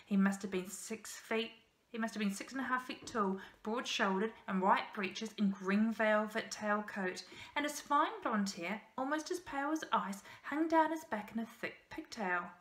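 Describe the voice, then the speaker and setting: A woman teacher reading a children's novel aloud in steady storybook narration, with small slips. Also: medium pitch, normal speed. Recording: roomy echo.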